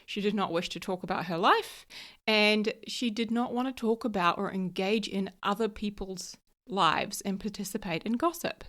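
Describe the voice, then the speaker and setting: Woman podcast host chatting solo, storytelling, says like a lot, middle pitch. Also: normal speed, fairly bright tone. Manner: chatty storytelling, lots of "like", frequent laughs. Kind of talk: casual solo podcast chat.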